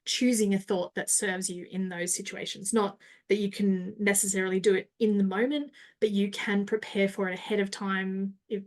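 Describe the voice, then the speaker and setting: A woman's voice: mid-range voice, little pitch movement, normal speed, hardly any pauses. A woman marketing coach, a guest on a podcast, who explains her ideas in a casual coaching tone and often checks in with "right?".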